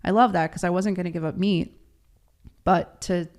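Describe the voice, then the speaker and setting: A woman's voice: on the low side, steady tone, normal speed, a little mellow. A woman from Baltimore, a guest on an interview show, telling her story in a casual, chatty way, laughing often and acting out what people said. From Baltimore, USA.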